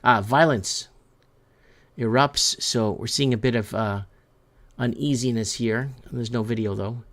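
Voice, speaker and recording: A man's voice: medium pitch, unhurried. A man hosting a talk show, reading through news headlines and commenting in a rambling, emphatic way that often stumbles over words. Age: adult parent of three. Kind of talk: casual news commentary while browsing headlines.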